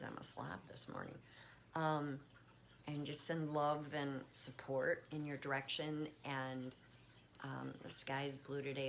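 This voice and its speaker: A woman's voice: very deep voice, gravelly, a little hiss or hum. A woman giving a casual spiritual check-in at home, chatty and full of fillers. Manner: chatty, warm toward her pets, frequent fillers. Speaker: spiritual vlogger. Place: at home with pets.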